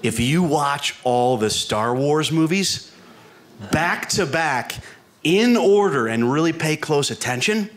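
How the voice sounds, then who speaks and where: A male stand-up comedian with a slow, deadpan delivery. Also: on the high side. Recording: live room with loud crowd.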